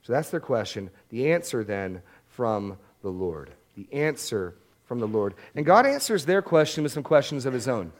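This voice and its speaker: A man's voice: medium pitch, big pitch swings, moderate pace, few pauses. A man preaching a Bible-teaching sermon in a conversational way, often repeating words as he restarts a thought.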